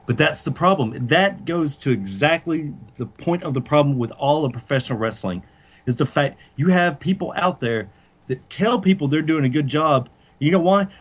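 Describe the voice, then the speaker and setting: A man's voice: on the high side, expressive, normal speed. Blunt male radio co-host. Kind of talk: casual sports radio chat.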